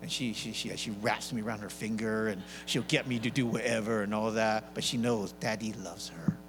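A middle-aged man preaching a sermon in a church, animated and playful, mimicking his congregation with big swings in voice. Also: on the low side, normal speed. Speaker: pastor. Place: large church hall. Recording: live church hall reverb, faint hum.

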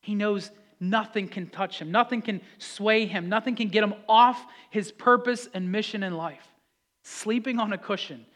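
A man preaching a sermon, talking with the congregation, swinging from loud pleading passages to hushed calm ones. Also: sits high, moderate pace. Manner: builds to loud impassioned pleas, then drops to hushed calm; conversational preaching with audience questions. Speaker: pastor.

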